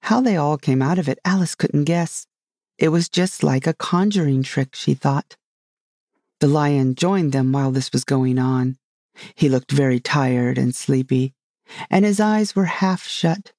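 A narrator reading a storybook aloud in a steady, measured way. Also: medium pitch, vocal fry, no room sound, studio quality.

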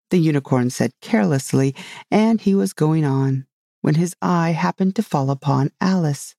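A narrator reading a storybook aloud in a steady, measured way. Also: mid-range voice, creaky, no echo, studio quality.

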